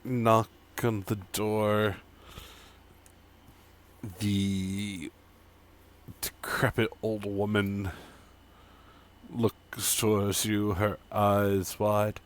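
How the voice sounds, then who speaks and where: A man running a tabletop game, describing scenes in an unhurried, halting way with fillers. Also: lowish voice, little pitch movement. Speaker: game master.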